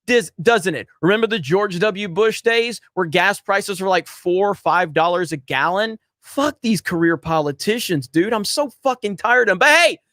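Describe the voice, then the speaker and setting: Profane, heated high-voiced man ranting. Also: normal speed, hardly any pauses, fairly bright tone, dry recording, studio quality. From Florida. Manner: profane, heated and emphatic, repeats himself. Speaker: livestream host reading viewer chats. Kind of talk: ranting political commentary.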